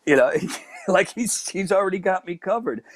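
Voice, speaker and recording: Chicago man, mid-pitched, animated storyteller who stammers and does voices, dry close sound. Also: moderate pace, no echo. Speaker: comedy podcast guest.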